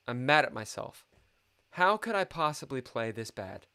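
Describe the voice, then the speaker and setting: A man's voice: medium pitch, animated, normal speed, pushed and bright, smooth. A man streaming a live chess game, muttering and swearing in frustration at his own moves, complaining of a dry mouth.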